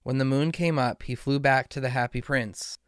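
Guy reading a fairy tale slowly, crisp voice, medium pitch. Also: steady tone, dry recording, clean studio sound. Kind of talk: storybook reading.

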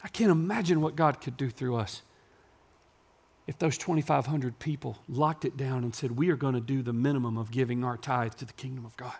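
A man, preaching a sermon to his congregation in a church and building to loud, yelling emphasis. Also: medium pitch, fairly quick, husky. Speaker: pastor. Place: church sanctuary.

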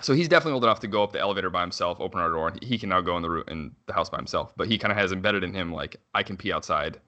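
Fast-talking low-voiced man, bright tone. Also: expressive. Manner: rambling, frequent "like" fillers and self-restarts, quick laughs. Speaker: father telling a story. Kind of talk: casual conversational chat.

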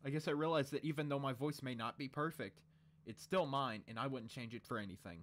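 A man voicing an awkward, excitable young boy who shows off his new voice, in a fan comedy dub over a video call. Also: mid-range voice, fairly quick, close to an everyday voice. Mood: sincere.

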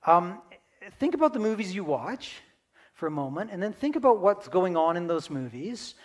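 A man's voice: high voice, sing-song, normal speed. A man preaching a sermon in a conversational teaching manner, often checking in with his listeners. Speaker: pastor.

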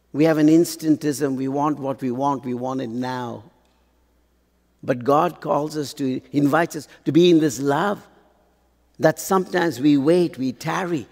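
A man preaching a sermon, pausing for effect and asking the congregation rhetorical questions. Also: medium pitch, creaky, a little mellow. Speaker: pastor. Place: large church hall. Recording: long hall reverb.

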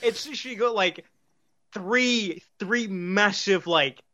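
A man with a high, bright voice tossing out jokey asides in a relaxed movie discussion. He stretches out mock quotes for comic effect. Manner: joking asides with drawn-out quoted lines. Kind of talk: casual movie chat.

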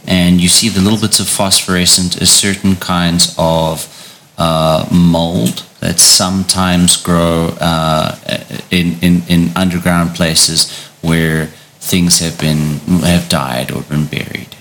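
A man running a tabletop horror game as game master, describing scenes in a halting way and often repeating words as he goes. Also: sits low, level tone, fairly bright tone, a little hiss or hum.

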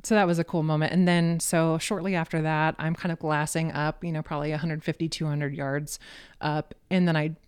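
A woman telling a hunting story in a casual, animated way, full of fillers. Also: deep voice, a little fast, clear, resonant tone. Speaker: podcast guest.

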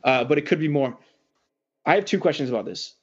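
A man with a slightly raised voice hosts a casual sports podcast. He rambles and cracks jokes with animated energy. The sound is dull and lo-fi. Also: on the high side, brisk, husky. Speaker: podcast host.

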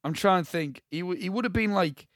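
An enthusiastic young man rambles about a movie he loves, swearing as he goes. His voice sits a little high, and the recording is close and dry, with no room sound. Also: fairly quick, fairly bright tone, dry recording. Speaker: podcast co-host. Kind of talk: casual film discussion.

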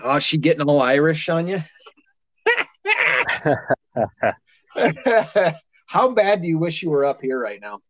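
Man, thirties, podcast host, swearing casual chat, slightly high voice, dull lo-fi sound. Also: wildly swooping pitch, takes it slowly, pauses often, fairly bright tone, no room sound. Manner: crude, swearing, laughing often.

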